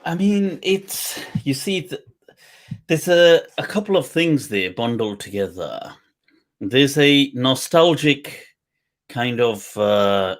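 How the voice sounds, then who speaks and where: A man hosts a casual live-stream meetup at an unhurried pace. His talk is relaxed and drawn out, with a laugh slipping in between phrases. His pitch sits in the middle of a man's range. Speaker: host.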